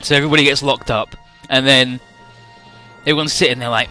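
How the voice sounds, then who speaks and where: A man chatting casually, retelling a story with animated energy, swearing and mimicking the characters. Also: medium pitch, a little fast, faint music behind. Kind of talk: casual chat.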